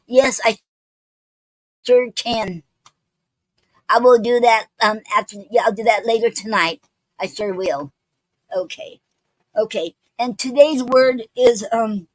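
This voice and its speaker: A woman's voice: a little high, no room sound, low-quality recording. A woman hosting an online poetry show, talking casually with many ums, restarts and repeated okays.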